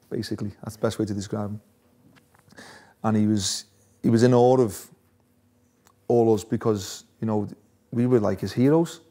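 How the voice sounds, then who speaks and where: A man's voice: fairly low pitch, dark tone. Chatty man telling stories. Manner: chatty, laughs often, restarts phrases. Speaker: former footballer guest. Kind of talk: casual interview storytelling.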